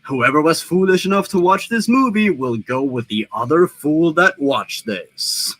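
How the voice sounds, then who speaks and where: A man voicing a menacing male raccoon villain, speaking in a slow, drawn-out, threatening way. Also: on the high side, lively intonation, a bit bright.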